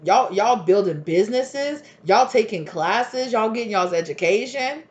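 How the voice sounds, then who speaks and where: A woman giving a casual tarot reading, chatty and emphatic, with lots of fillers and quick laughs. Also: medium pitch, animated, darkish tone, highs cut off. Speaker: tarot reader.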